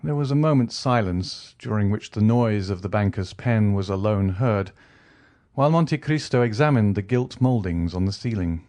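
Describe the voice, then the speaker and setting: A man narrating a classic novel as an audiobook in a steady, expressive storytelling manner. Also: on the low side, normal speed. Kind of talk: scripted narration.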